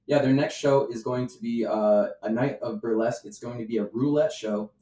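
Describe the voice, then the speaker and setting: A man's voice: medium pitch, normal speed, warm tone. Rambling man in an echoey room. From Las Vegas area. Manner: rambling, many fillers and restarts. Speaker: podcast co-host. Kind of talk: casual chat. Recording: roomy echo.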